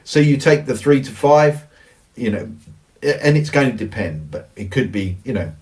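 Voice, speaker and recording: A man's voice: mid-range voice, very animated, moderate pace, darkish tone, distant mic. A man giving a recorded teaching presentation on church and organizational culture, earnest and emphatic, repeating his key phrases. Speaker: church leadership speaker.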